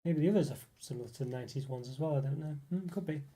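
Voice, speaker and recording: Mellow-voiced man chatting on a livestream. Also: a little high, very fast. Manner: reads viewer comments aloud and muses on them, many fillers. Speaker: livestream host reading chat. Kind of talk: casual live chat.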